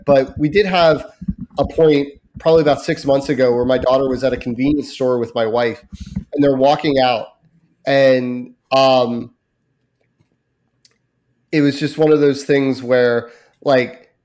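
A man's voice: mid-range voice, a little mellow. Easygoing man in casual podcast chat. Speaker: podcast co-host.

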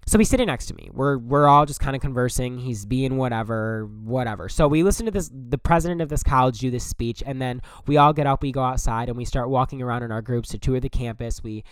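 A young man casually telling a story to his camera, blunt and profane with animated asides. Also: mid-range voice, fast talker, hardly any pauses, clear, resonant tone, dry recording. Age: young adult. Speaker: vlogger.

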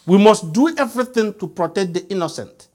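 A man's voice: sits high, lively intonation, fairly quick, darkish tone. A man preaching a sermon, emphatic and quizzing the congregation with call-and-response questions.

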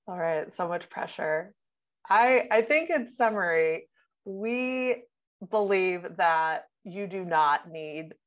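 A woman guest in a casual chat, speaking thoughtfully and measured. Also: on the low side.

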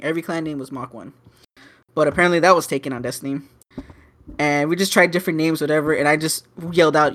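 A man's voice: fairly high pitch, fairly even intonation, fast talker, a bit bright. A young man co-hosting a casual podcast, rambling with lots of fillers, restarts and swearing. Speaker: podcast co-host. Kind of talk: casual chat.

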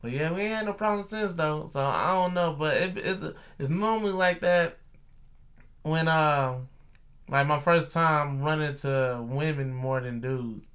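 A young man, a delivery driver, telling a story in casual chat, animated and profane, acting out the voices of the people in it. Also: on the high side, unhurried.

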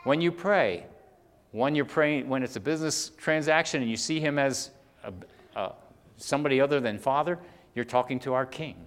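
A man delivering a sermon, rising to loud emphatic peaks and dropping to soft low asides while reading scripture. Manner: reads scripture aloud, often slowing for weight. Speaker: preacher. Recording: long hall reverb.

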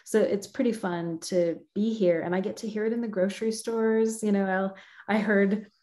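A woman's voice: mid-range voice, fairly even intonation, moderate pace, dark tone. A middle-aged woman from the United States answering interview questions in a friendly, thoughtful way, laughing often. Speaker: guest, localization professional.

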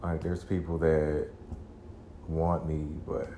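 A man's voice: rumbling low, slow pace, mellow. A man hosting a solo confessional podcast at home, rambling and introspective, cursing freely and trailing off with sighs. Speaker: podcast host. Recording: roomy echo, faint background hum.

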